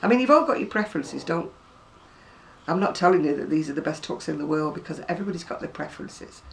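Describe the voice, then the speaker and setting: A woman's voice: low voice, animated, fast talker, vocal fry. An older woman chatting casually to camera about her crochet, rambling and self-deprecating. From England. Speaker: crochet vlogger. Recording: distant mic with faint room noise.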